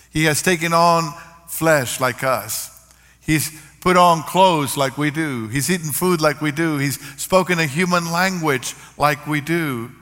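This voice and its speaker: A man's voice: a little high, sharp tone. An older man preaching a sermon as pastor, earnest, with varied emphasis and stories. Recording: long reverb of a large hall.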